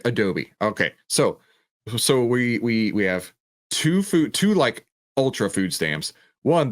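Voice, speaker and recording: Casual low-voiced stock stream host. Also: male voice, a bit bright, dry recording, studio quality. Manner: casual, joking, reads chat comments aloud. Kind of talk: livestream stock analysis.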